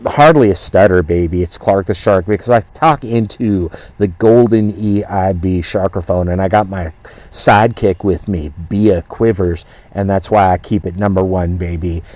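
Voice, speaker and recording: A man's voice: deep voice, normal speed, a little mellow, no echo. Boastful swaggering talk radio man. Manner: boastful, swaggering, profane, rambling. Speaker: radio show host. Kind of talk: brash comedic talk radio rant.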